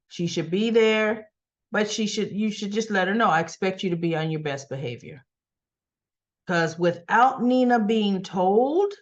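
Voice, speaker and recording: A woman with a mid-range voice recaps a soap opera episode in a casual, chatty review, often checking in with "right?" and acting out the characters' lines. The sound is lo-fi.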